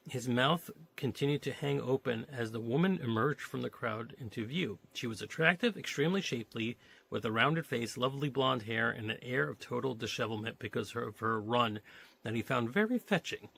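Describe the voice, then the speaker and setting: A man's voice: mid-range voice, moderate pace, vocal fry, a bit bright, husky. A man reading a novelization aloud, stopping now and then to joke and comment on the story. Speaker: reader of a novelization.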